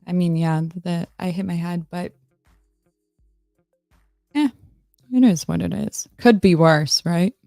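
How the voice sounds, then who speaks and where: A woman's voice: fairly low pitch, slow, vocal fry, pauses often, dark tone, dry recording, clean studio sound, soft background music. A woman hosting a live stream in a casual, rambling, self-mocking chat, answering her viewers.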